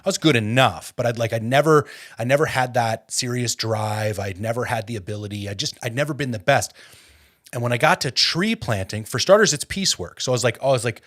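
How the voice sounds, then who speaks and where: A man from Canada hosting a podcast, telling a personal story in a casual, animated way and getting fired up, with many filler words. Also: medium pitch, a little fast. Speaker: podcast host.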